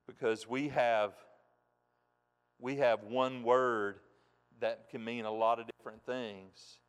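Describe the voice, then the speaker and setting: A male pastor delivers a sermon from the pulpit, talking slowly and plainly, with a clear, resonant tone. He moves from quiet asides to loud, emphatic points. The sound carries a long reverb from the large church hall. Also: mid-range voice, fairly even intonation. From United States. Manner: folksy, swings from soft to loud and emphatic.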